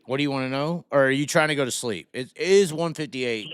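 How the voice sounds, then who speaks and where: A man's voice: mid-range voice, a little fast, clear, resonant tone, dry recording, studio quality. A man hosting a casual live stream, rambling and incredulous, talking to viewers with many restarts. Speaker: livestream host.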